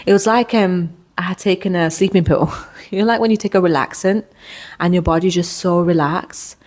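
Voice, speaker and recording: Woman, thirties, podcast host, candid, rambling, lowish voice. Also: moderate pace, a little mellow. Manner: candid, rambling, with frequent restarts and "like". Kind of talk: personal storytelling.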